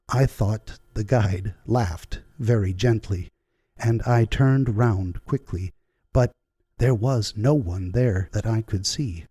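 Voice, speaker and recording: A man narrating an audiobook slowly, with a husky, mellow voice. His measured reading sits close and dry on the mic. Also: on the low side, dry recording. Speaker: audiobook reader.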